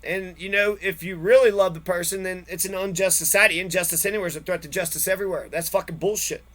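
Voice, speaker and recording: A fast-talking man with a high-pitched, slightly bright voice and steady tone recounts his own experience in fury. The rant runs long, profane and repetitive.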